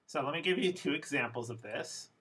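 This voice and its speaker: A man teaching English pronunciation in a recorded lesson, explaining slowly and with deliberate emphasis. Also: a little high, lively intonation, sharp tone, slightly rough, rough recording.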